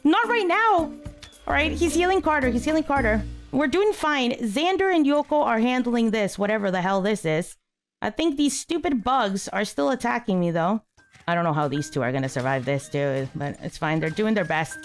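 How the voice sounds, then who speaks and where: A woman hosting a gaming channel, giving casual let's-play commentary, exasperated and swinging between high yelps and low mutters. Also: expressive, moderate pace, soft background music.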